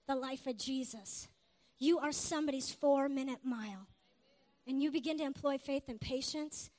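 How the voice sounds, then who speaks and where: A woman preacher giving an exuberant sermon to a congregation, shouting praise between points. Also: high-pitched. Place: church before a congregation.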